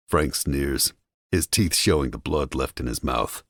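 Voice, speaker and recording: Very deep, gravelly male audiobook narrator. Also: a little slow, fairly bright tone, no room sound, studio quality. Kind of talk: first-person audiobook narration.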